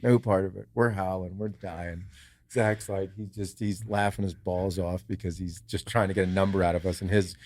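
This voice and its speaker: Telling a story on his podcast, this man chats casually, curses freely, laughs a lot, and goes quiet for parts of the tale. His pitch sits low, his tone steady, his pace moderate.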